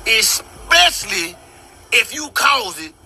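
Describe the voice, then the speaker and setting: A person explaining something to viewers in a drawn-out, emphatic way. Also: mid-range voice, sing-song, sharp tone.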